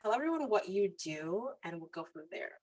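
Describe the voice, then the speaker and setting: A woman hosting an interview over a video call, asking warm, encouraging questions. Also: mid-range voice, big pitch swings, brisk, no room sound, poor audio. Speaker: podcast host. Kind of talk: conversational interview.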